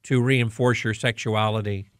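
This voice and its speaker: A man co-hosting a talk radio show, speaking in an emphatic, deliberate way. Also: fairly low pitch, steady tone, no room sound, studio quality. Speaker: radio co-host.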